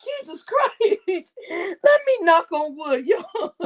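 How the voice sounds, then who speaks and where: A young woman telling a story to her live chat, swearing freely and breaking into loud laughter again and again. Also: very high voice, big pitch swings, extremely slow. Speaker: live streamer.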